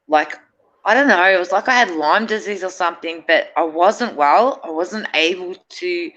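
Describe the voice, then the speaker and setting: Rambling woman, bright lo-fi voice. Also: sits low. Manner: rambling, hesitant, many fillers and restarts. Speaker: guest. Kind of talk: casual chat.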